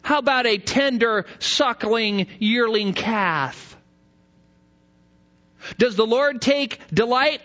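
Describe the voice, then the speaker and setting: A man preaching a sermon in an animated, dramatic way, building emphasis as he goes. The recording sounds dull and lo-fi. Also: high-pitched, measured pace. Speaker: pastor.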